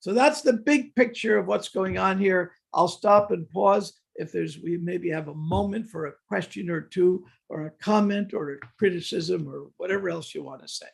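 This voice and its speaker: Gravelly husky man teaching a class. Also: sits high, normal speed, few pauses. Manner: animated storytelling. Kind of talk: scripture class lecture. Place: temple hall.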